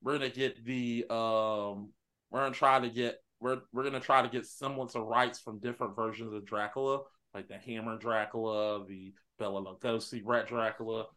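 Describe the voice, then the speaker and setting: A man in casual group chat, telling a story in an animated way and acting out loud, profane bits. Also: mid-range voice, normal speed. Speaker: podcast panelist.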